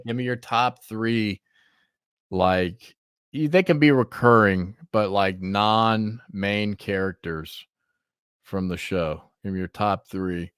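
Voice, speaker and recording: A man's voice: on the low side, takes it slowly, fairly bright tone, clean tone, no echo, studio quality. A man hosting a podcast in casual chat, laughing often and swearing freely. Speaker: podcast host.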